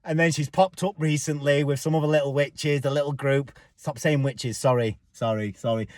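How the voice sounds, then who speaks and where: A young man talks straight to his viewers in a high voice, blunt and defiant, with plenty of swearing. The sound is dry, with no room echo. He delivers a loose, casual rant. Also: steady tone, moderate pace, darkish tone. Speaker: spiritual vlogger. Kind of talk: casual ranting monologue.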